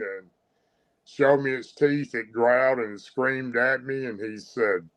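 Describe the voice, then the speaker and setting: A middle-aged man, telling his own story as a guest in a halting, rambling way. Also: medium pitch, fairly bright tone, rough recording. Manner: rambling, halting, many fillers and restarts. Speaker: guest telling a creature encounter. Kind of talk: first-person storytelling.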